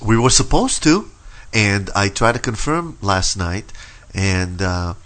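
Brief: male radio host, relaxed and casual, swings his pitch around a lot. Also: takes it slowly. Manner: laid-back, swears, says "you know" a lot. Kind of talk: casual chat.

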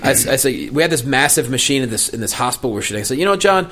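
A man, a filmmaker guest, chatting casually, blunt and animated, telling stories with quoted lines. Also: mid-range voice, racing. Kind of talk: casual chat.

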